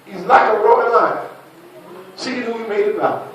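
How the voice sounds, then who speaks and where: A man preaching a lively sermon as pastor, calling out to the congregation and laughing between points. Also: high-pitched, normal speed, heavy reverb, distant mic, low-quality recording. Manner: preaching with call-and-response and laughter.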